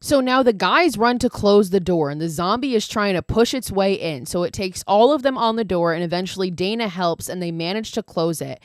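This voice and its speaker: A woman's voice: mid-range voice, animated, a little fast, few pauses, dry recording, clean studio sound. A woman hosting a podcast, casually recapping a film with lots of swearing and gushing asides. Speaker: podcast host.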